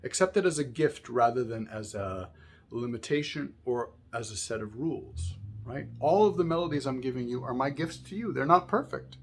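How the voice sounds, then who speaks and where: A man's voice: medium pitch, expressive, normal speed, slightly rough. A man teaching a music lesson, explaining patiently and often checking in with "right?", singing short examples between explanations.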